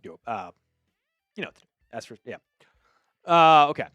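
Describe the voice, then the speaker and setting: On a live football watch-party stream, a man from Long Island, New York calls the plays and chats easily with viewers, reading their messages aloud. His voice is on the high side, sing-song, a little slow, and fairly bright. The lo-fi recording has no room sound and faint music in the background.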